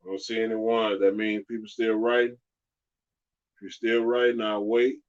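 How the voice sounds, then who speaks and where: A man teaching a live-streamed alphabet lesson, patiently repeating each sound slowly and clearly. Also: lowish voice, flat delivery, muffled recording. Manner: slow, drawn-out pronunciation drills.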